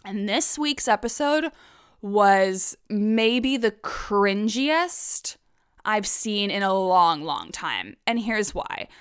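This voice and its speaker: A woman's voice: mid-range voice, sing-song, slow pace, smooth. A woman hosting a casual solo podcast, ranting in a profane, sarcastic way. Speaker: podcast host.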